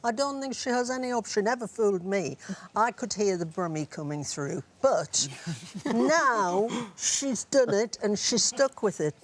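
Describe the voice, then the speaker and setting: Geordie woman, agony aunt on a studio panel, wry and deadpan, mid-pitched voice. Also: unhurried. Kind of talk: advice-giving on live TV.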